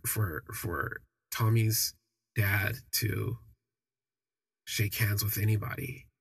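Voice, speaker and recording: Gravelly, husky man telling his own story. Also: fairly low pitch, no echo. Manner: halting, reflective, with restarts. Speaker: podcast storyteller. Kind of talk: personal storytelling.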